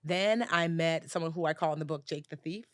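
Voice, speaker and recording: Woman guest, mid-low voice, lively storyteller who acts out every line, dry close mic. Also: a little fast, dry recording. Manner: animated storyteller, acts out dialogue with big pitch jumps. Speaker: personal finance educator, podcast guest. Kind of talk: storytelling in a conversational interview.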